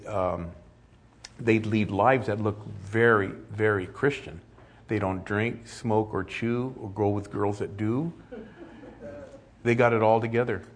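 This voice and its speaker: An older male pastor delivers a relaxed, conversational sermon, with joking asides along the way. His voice sits on the low side and has a husky edge.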